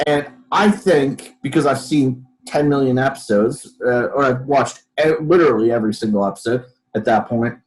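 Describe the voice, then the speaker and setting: A medium-pitched man, recorded in low quality, tells a story as a podcast guest during a casual interview. He's animated and acts out what other people said.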